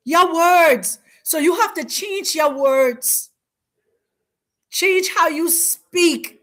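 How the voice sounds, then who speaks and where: This host of a spiritual teaching talk has a very high, somewhat bright voice. She speaks forcefully in a preaching style, repeating and elongating her phrases.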